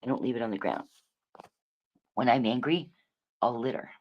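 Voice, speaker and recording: On dull audio, a woman with a very deep voice hosts a livestream and rants casually at a moderate pace. She swears, rambles, restarts her words to correct herself, and alternates emphatic lines with muttered asides.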